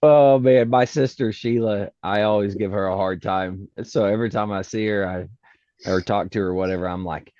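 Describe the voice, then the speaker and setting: A man's voice: lowish voice, steady tone, moderate pace, warm tone, dry recording. A middle-aged man, a podcast co-host in casual chat, who laughs often and pads his talk with "uh". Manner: laughs a lot, lots of uh fillers. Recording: dull lo-fi dry sound.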